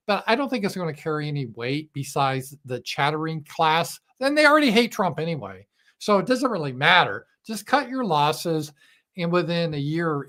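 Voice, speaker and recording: A man's voice: fairly high pitch, fairly bright tone. A man hosting a livestream show, giving blunt, sarcastic political commentary with crude asides. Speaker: show host.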